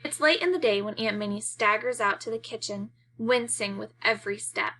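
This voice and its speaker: A woman reading a children's novel aloud as narrator, raising her voice for the shouted lines. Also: mid-range voice, normal speed. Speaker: reader.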